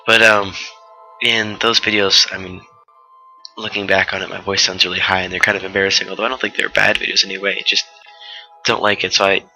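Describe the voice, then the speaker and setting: A man's voice: deep voice, level tone, brisk, bright, forceful tone, faint music behind, rough recording. A fifteen-year-old boy giving a rambling, casual voice-over for his gameplay video, full of fillers and asides about going off topic. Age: 15, teenager. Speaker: let's-play commentator.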